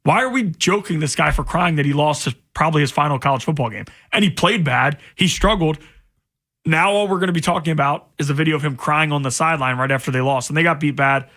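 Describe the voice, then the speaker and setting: A male sports radio co-host with a slightly higher voice, speaking into a studio microphone. He delivers his takes bluntly and with open exasperation. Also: fast talker, pushed and bright.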